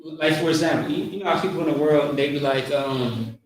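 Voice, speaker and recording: A man teaching a religious class, coaching pronunciation with patient repetition and drawn-out sounds. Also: a little high. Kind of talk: pronunciation lesson. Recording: very echoey room, mic far off.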